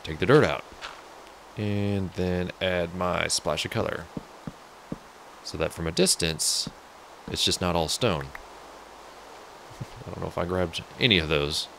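A man's voice: sits low, measured pace, creaky, pauses often, a bit bright, slight background noise. A man casually talking through his game build, chatty and joking with viewers. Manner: chatty, jokey, talks to viewers. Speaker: let's play host. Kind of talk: casual gameplay commentary.

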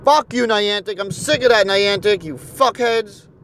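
A man's voice: high-pitched, measured pace, background noise. A man with a New Jersey accent and a sore throat, ranting with constant cursing in a car as he plays a phone game, recorded on a phone. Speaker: channel host. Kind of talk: profane rant while playing a phone game in a car. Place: car, on city streets.

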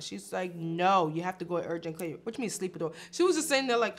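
Animated young woman telling a story. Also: medium pitch, a little fast, hardly any pauses, faint music behind. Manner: animated, laughing, acts out quotes. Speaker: vlog host. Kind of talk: casual storytelling.

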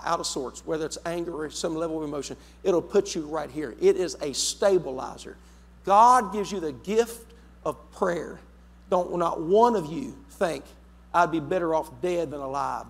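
A man preaching a sermon as pastor, emphatic, repeating his words and swinging between loud and soft. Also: a little high, lively intonation, normal speed, creaky. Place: church sanctuary. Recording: long hall reverb in a church.

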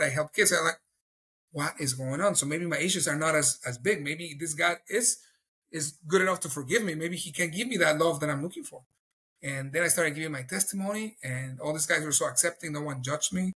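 A man's voice: on the high side, pushed and bright, husky. A middle-aged man, earnestly telling his faith story and acting out his past thoughts. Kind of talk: personal testimony in an interview.

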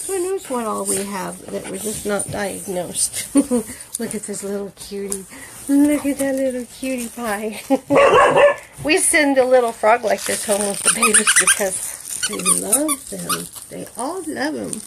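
A woman's voice: on the high side, lively intonation, a little slow, gravelly, very noisy. A woman dog breeder filming a puppy on her phone at home, chatting casually and cooing baby talk with frequent laughs.

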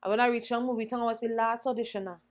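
Animated woman telling her story. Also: a little high, racing. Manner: animated, acts out quoted voices. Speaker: interview guest, singer. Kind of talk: conversational storytelling.

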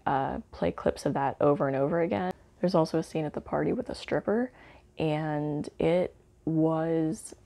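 A woman's voice: sits low, creaky, dark tone. A woman casually reviewing a movie, rambling with fillers and wry asides.

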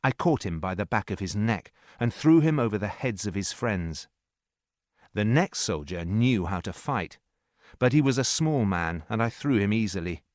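Man reading a storybook slowly, lowish voice, dry close sound. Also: lively intonation, no room sound. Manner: slow, clear reading. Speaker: narrator. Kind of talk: scripted narration.

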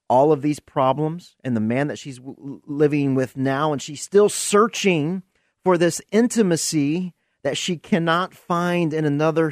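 An earnest man delivers a preaching-style podcast monologue, unhurried and deliberate, telling the story with emphasis. His voice sits a little high for a man. The sound is close and dry, with no room around it. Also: darkish tone, dry recording. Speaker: podcast host.

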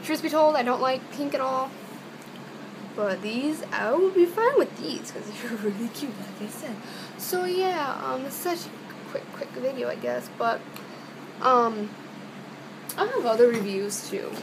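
A woman's voice: high-pitched, lively intonation, a little slow, vocal fry, background noise. A woman chatting casually as she demonstrates a beauty product at home, rambling with lots of fillers. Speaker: beauty vlogger. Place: her room at home.

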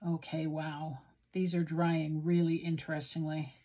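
A woman with a flat Western Canadian accent narrates her ink swatching in a slow, unhurried way. Her voice is husky and sits a little low. She muses aloud and pokes fun at herself. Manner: slow, self-deprecating, musing aloud. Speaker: stationery video host.

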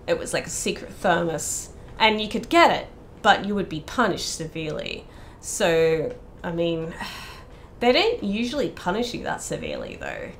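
A woman's voice: fairly low pitch, wildly swooping pitch, moderate pace, gravelly, a little hiss or hum. A woman playing a horror game, talking casually to herself, swearing freely and screaming when startled. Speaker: let's play streamer. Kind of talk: casual gameplay commentary.

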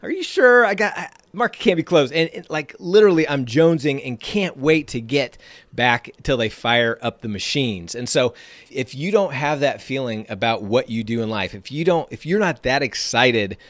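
Male trading-podcast host, upbeat motivational talker, punchy repetition, average pitch, dead-dry recording. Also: normal speed, dry recording. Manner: energetic, emphatic, repeats phrases for effect.

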